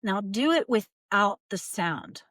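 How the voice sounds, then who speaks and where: A woman voice coach, seated in her small studio, calmly guiding listeners through breathing and projection exercises. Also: mid-range voice, takes it slowly, no echo. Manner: calm, guiding, breaks into vocal demonstrations. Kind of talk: instructional voice lesson. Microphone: seated at camera.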